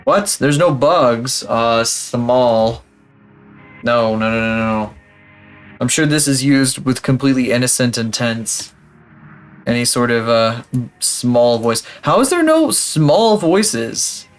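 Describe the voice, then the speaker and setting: Young male streamer, casual mid-pitch voice, loose and profane, light music underneath. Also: steady tone, slow pace, clean tone. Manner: rambling, profane and self-mocking. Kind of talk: casual live-stream chat.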